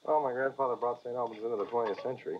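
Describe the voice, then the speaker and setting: Guarded young politician guy, played by a man, measured, noisy muffled film sound. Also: medium pitch, fairly even intonation, natural voice. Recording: dull film audio with background noise.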